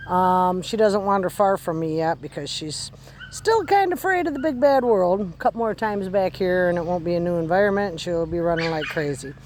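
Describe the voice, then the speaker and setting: A woman calmly explaining puppy recall training while walking outdoors on her rural property. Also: on the low side, slight background noise. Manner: calm, unhurried explaining. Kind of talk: casual instructional walk-and-talk.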